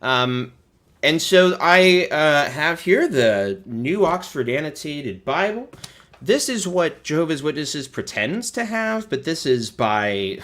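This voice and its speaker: A man giving sarcastic, profane commentary while streaming. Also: takes it slowly. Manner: swears freely, lively pitch swings.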